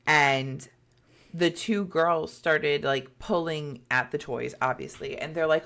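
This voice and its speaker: With a deep voice, some vocal fry and an even, measured pace, a podcast co-host spins a casual story. She chats along using plenty of fillers and acts out what people said.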